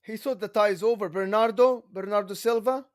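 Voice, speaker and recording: A man hosting a football watch-along, giving live commentary and yelling with excitement at the big moments. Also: high voice, a little fast.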